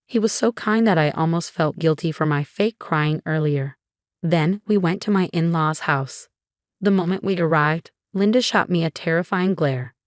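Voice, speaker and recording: Woman narrator, first-person story, wry, low voice, dry sound. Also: moderate pace, dry recording. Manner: wry, amused.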